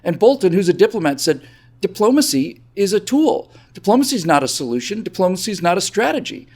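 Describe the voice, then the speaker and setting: A man's voice: sits high, very animated, quick pace, darkish tone. A man as a panelist on a political talk show, talking in an emphatic, scornful way. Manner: emphatic, scornful, mocks with mimicry.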